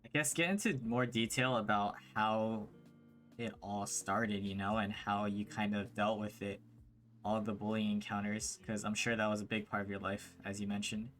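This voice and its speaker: A man's voice: lowish voice, fairly even intonation, moderate pace, fairly bright tone, faint music behind. A man hosting a podcast, asking questions and giving short acknowledgments in a casual interview. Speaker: podcast host.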